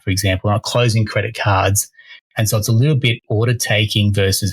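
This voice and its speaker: A man's voice: lowish voice, steady tone, quick pace, slightly rough, no echo, poor audio. A man, co-hosting a casual podcast as a mortgage broker, talking energetically and often restarting his phrases.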